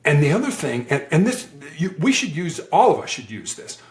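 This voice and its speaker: Speaking a little fast in a slightly high voice, a man tells stories in an interview in a reverberant space. He's a former hostage negotiator, animated and conversational, acting out the voices he quotes.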